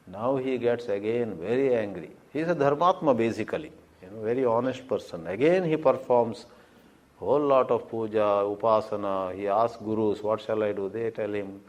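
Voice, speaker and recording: A man giving a spiritual lecture, telling stories in an animated way and chuckling now and then. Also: mid-range voice, normal speed. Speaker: spiritual teacher.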